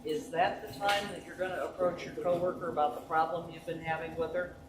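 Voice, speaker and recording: A woman's voice: fairly low pitch, level tone, fairly quick. A woman giving a workshop talk, telling a story and putting teacherly questions to her audience. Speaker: workshop presenter. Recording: echoey room, voice from a distance, noisy.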